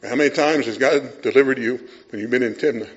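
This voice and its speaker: Male pastor, middle-aged, lively preaching, acts out voices, medium pitch, slightly muffled recording. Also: quick pace. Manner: storytelling preacher acting out voices, swinging from hushed to loud. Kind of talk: sermon.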